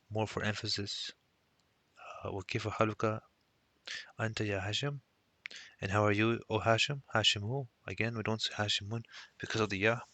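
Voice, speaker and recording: A man's voice: lowish voice, sharp tone, no echo. A man teaching a recorded language lesson, explaining step by step and mixing Arabic phrases into his English.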